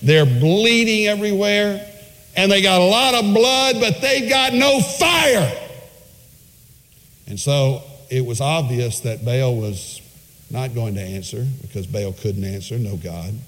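A man's voice: a little high, lively intonation, fairly bright tone. Emphatic male preacher in a hall. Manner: emphatic storytelling with dramatic pauses. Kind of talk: sermon. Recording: long hall reverb.

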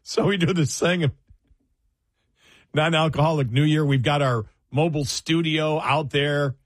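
Talk radio host, man in his sixties, loose and halting delivery, dry studio mic. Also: a little high, steady tone, dry recording. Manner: halting, many fillers and restarts, laughs through stories. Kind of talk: casual on-air reminiscing. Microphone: studio microphone.

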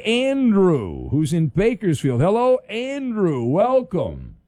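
A man hosting a call-in radio show, teasing callers in a dry, deadpan way with stammered restarts. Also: high-pitched, takes it slowly, dry recording. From Southern California. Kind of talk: casual call-in radio banter.

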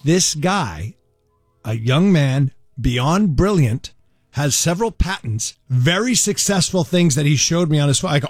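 A man's voice: a little high, measured pace, dry recording, studio quality, soft background music. A man co-hosting a radio show, telling a story in casual on-air banter and acting out the people he quotes. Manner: animated storyteller, acts out quotes in exaggerated voices. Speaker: radio co-host. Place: radio studio.

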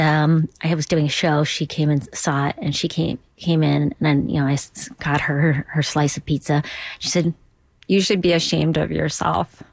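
A woman comedian from Duluth talks through an interview in halting bursts, full of restarts and side remarks. Her voice sits a little low for a woman. It is recorded close and dry, with no room sound. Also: creaky, no echo. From Duluth, Minnesota. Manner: halting, many restarts and asides. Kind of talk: interview conversation.

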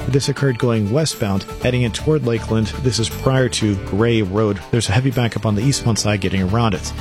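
Man, traffic reporter, fast brisk delivery, music bed behind. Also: lowish voice. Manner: brisk, even newsreader delivery.

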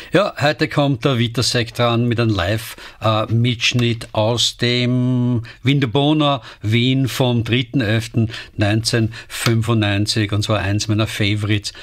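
A man at a medium pitch, introducing a radio segment in an Austrian German accent. His delivery is relaxed and unhurried, in the style of a radio host. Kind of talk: radio announcing.

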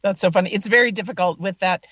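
A woman host from Utah, chatty and quick to agree with her guest. Her voice sits at an ordinary pitch and the sound is dry and close. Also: a bit bright, slightly rough, no room sound. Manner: chatty, affirming. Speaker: interview host. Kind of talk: conversational interview.

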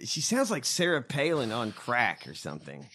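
A man's voice: mid-range voice, huge pitch swings, moderate pace, pushed and bright, slightly rough. A man co-hosting a casual chat, ranting in an incredulous, profane way. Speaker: podcast co-host.

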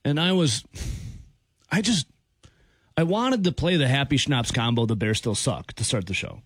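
A man's voice: medium pitch, lively intonation, moderate pace, fairly bright tone, breathy edge, no echo. A man hosting sports radio, reading the sports update and then chatting casually and a bit rambling in a studio. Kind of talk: sports update and morning show chat.

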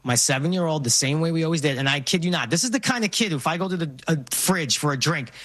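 A man in his forties from New York, with a slightly high, bright, forceful voice. He tells stories in an animated way during casual conversation, often restarting sentences. He talks like a co-host chatting with friends. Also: fast talker, no room sound. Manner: animated storyteller, frequent restarts. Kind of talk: casual chat.

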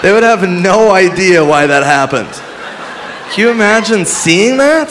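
High-voiced casual stand-up comic man. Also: animated, measured pace, a bit bright, some chatter behind, a little hiss or hum. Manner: casual, chuckling. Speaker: stand-up comedian. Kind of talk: stand-up musing.

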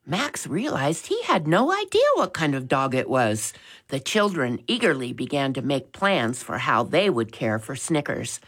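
Woman, storybook narrator, low voice, lively pitch, slow, expressive reading. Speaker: audiobook narrator.

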